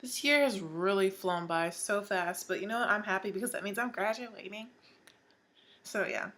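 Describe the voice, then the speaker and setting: A woman's voice: mid-range voice, normal speed, bright, forceful tone. A young woman in her twenties, chatting in an upbeat way through a casual makeup tutorial. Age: 20s. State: suffering hiccups. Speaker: beauty vlogger.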